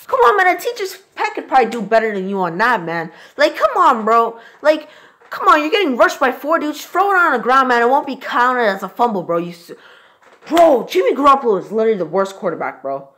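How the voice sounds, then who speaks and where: Reacting to a football game as it happens, this young man curses in exasperation and tacks "bro" onto almost every phrase. His voice is extremely high and sharp, very animated, and a little fast.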